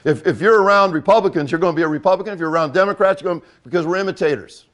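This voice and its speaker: A man's voice: high-pitched, very fast. An older man and football coach giving a blunt, emphatic talk, repeating key points for effect.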